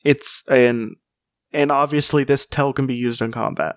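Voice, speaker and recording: A man's voice: mid-range voice, steady tone, unhurried, no room sound, studio quality. A man co-hosting a casual chat, rambling with many fillers and restarts while reading out folklore. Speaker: podcast co-host.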